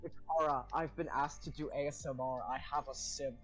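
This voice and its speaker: A woman's voice: a bass voice, steady tone, fairly quick, faint music behind, rough recording. A young woman co-host in casual chat on a stream, joking, swearing freely and laughing often.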